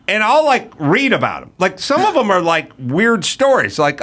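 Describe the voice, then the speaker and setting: A man hosting a casual podcast, riffing and musing aloud in an animated way. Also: high voice, normal speed, hardly any pauses. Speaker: podcast host.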